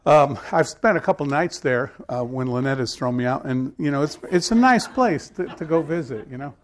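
A man's voice: medium pitch, expressive, moderate pace. A male pastor preaching a sermon, telling a casual story before reading scripture with rising emphasis.

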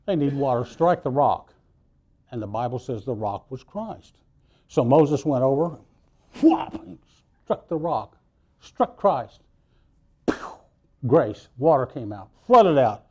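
Animated preacher with a mellow voice. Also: male voice, on the high side. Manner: animated storytelling with sudden loud and soft swings. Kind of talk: sermon.

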